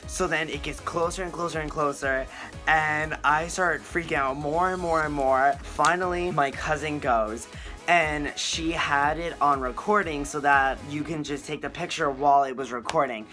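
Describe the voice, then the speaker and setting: A young man telling an excited storytime in a casual vlog, gushing and retelling in quick bursts. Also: on the high side, soft background music. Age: young adult. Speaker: vlogger.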